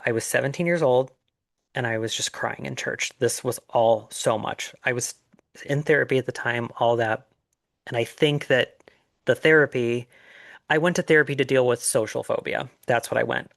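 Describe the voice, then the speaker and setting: A middle-aged man telling his own story in an earnest, reflective way, with pauses and fillers. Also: medium pitch, creaky, dry recording, studio quality. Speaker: life coach sharing his story. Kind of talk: personal storytelling monologue.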